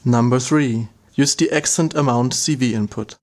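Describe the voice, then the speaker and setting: A man's voice: mid-range voice, moderate pace, over loud music. A man narrating an instructional demo, walking through each step in a plain, methodical way. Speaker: product demonstrator.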